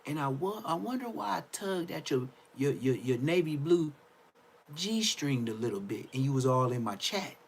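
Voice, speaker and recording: A young man ranting on a livestream, loud and mocking, repeating phrases and stammering. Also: on the high side, animated, moderate pace, slight background noise. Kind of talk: trash-talking rant on a livestream.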